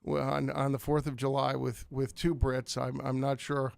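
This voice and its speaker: Gravelly American radio host. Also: male voice, medium pitch, monotone, moderate pace, dry recording, clean studio sound. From United States. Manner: chatty, rambling, self-deprecating, with many restarts. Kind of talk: casual radio interview chat. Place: radio studio. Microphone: studio microphone.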